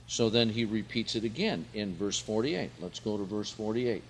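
A man preaching a Bible teaching sermon, slow and emphatic, lifting his voice on key words and carefully sounding out Greek phrases. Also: fairly low pitch, slight background noise.

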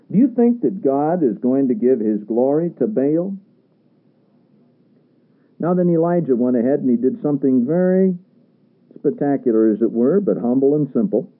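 A man preaching a sermon, reading scripture aloud and pressing his listeners with emphatic rhetorical questions. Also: mid-range voice. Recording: tinny radio broadcast sound.

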